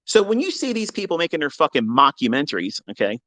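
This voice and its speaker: A man's voice: wildly swooping pitch, fast. Profane, combative man ranting. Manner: profane, combative, swinging from loud outbursts to low mutters. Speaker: trading educator hosting a live audio chat. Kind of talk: heated unscripted rant. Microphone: online audio room.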